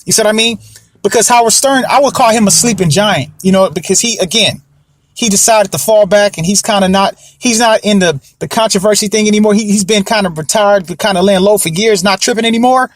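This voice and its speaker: Rambling young man, high voice. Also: a little fast, no room sound. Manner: rambling, repeats himself, keeps saying you know what I mean. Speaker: podcast host. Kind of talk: casual commentary.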